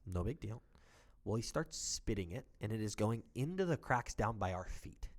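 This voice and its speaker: A man's voice: lowish voice, animated, normal speed. A man co-hosting a casual podcast, telling a heated story with lots of swearing and acted-out quotes. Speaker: podcast co-host.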